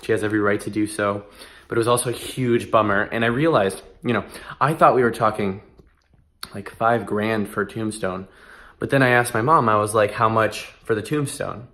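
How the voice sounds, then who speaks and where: A man's voice: on the low side, normal speed, pushed and bright. A man in his twenties talking earnestly in a casual vlog, emphatic and given to restarts. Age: 20s. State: emotional, close to tears. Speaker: vlogger.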